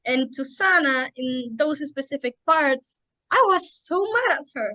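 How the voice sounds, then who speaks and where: A woman's voice: high voice, animated, a little slow, bright, forceful tone, no room sound, poor audio. A young woman chatting on a podcast as an emotional fan who keeps acting out quotes. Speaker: podcast co-host or guest. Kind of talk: casual chat.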